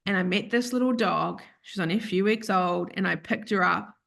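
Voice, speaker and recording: Appearing as an interview guest over a video call, a woman tells a personal story casually and animatedly, doing voices for the people she quotes and laughing between lines. Her voice is gravelly, medium-pitched, and moderately paced.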